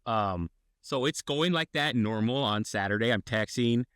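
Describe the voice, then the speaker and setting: A man's voice: medium pitch, expressive, moderate pace, fairly bright tone, smooth, dry recording, studio quality. A man co-hosting a podcast, telling a long story in casual chat and acting out the quotes. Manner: rambling storyteller, acts out quotes. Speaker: podcast co-host.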